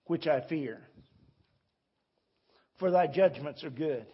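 High-voiced preacher, husky tone. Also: male voice, slow, highs cut off. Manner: storytelling, folksy, with quoted voices. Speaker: pastor. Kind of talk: sermon. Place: church sanctuary.

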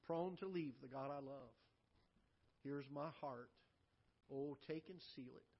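A man preaching a sermon as pastor, swinging from loud emphatic lines to soft low asides. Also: slow, slightly rough, highs cut off. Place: church auditorium.

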